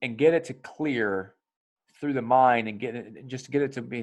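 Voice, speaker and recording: A man hosting a podcast in casual conversation, energetic, swearing freely and acting out quotes of other people. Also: mid-range voice, moderate pace. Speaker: podcast host.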